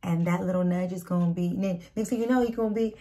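This woman talks about faith to a camera in a relaxed, slangy manner, hammering home key lines through repetition. She's a Christian video speaker with a fairly low, mellow voice, a steady tone and a fast pace, recorded on a camera mic.

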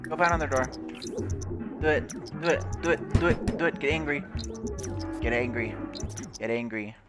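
A man's voice: medium pitch, moderate pace, loud music behind the voice. A young man giving casual, crude commentary while playing a game, swearing, laughing and reading game text aloud. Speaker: gaming YouTuber.

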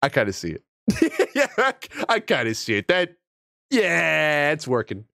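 Excitable, crude male game streamer. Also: a little high, a little slow, creaky, no room sound, studio quality. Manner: crude, excitable, laughs often. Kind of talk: casual livestream gaming chatter.

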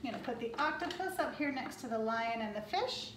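A woman's voice: fairly high pitch, lively intonation, brisk. A woman leading a children's music lesson, chanting animal words in rhythm and cheering the kids on. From Florida. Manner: encouraging, sing-song rhythmic chanting. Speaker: music teacher. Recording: echoey room with clear background noise.

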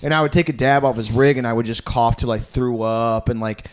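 A man's voice: medium pitch, steady tone, brisk. A man telling casual stories on a podcast, rambling and profane, full of filler words. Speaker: podcast guest. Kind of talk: casual storytelling.

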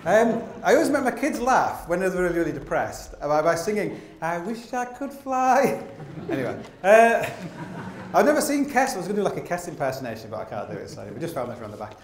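A man tells stories on a theatre stage, rambling and self-deprecating with constant restarts. His voice sits a little high. The sound is roomy and echoey, with a faint hum underneath. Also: big pitch swings, fast. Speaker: climber telling stories on stage. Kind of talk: live comedic storytelling talk. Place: theatre stage before an audience.

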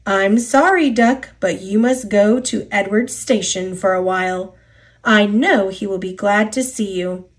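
A woman's voice: medium pitch, a little slow, natural voice. A woman voicing a stern but fair male railway boss in a storybook read-aloud, speaking firmly. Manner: firm, authoritative.

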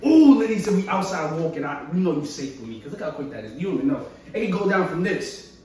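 Young man, casual vlog, excitable, slangy, lively voice, distant mic, faint background noise. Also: on the high side, fast, very echoey. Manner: excitable, slangy, exclaims often. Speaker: vlogger showing his collection. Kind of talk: casual show-and-tell.

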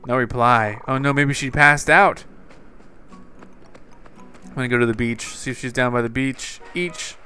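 A man's voice: mid-range voice, measured pace, long pauses, soft background music. A man giving casual, chatty gameplay commentary, talking to himself and to someone off-mic, and now and then calling out a name. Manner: repeatedly shouts a name into the game mic. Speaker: gaming YouTuber.

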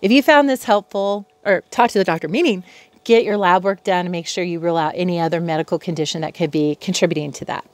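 A woman's voice: fairly low pitch, fast talker, no room sound. A middle-aged woman, a clinical psychologist, talking casually to camera from her home patio, chatty and easily sidetracked. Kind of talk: casual educational talk to camera.

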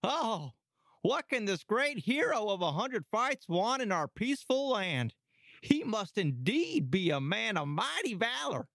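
A man voicing an awestruck, meek townsperson in a storybook reading, hushed and impressed. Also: high-pitched, very animated, unhurried, gravelly, dry recording, studio quality, pitched above the performer's own voice, heavily acted. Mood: awed.

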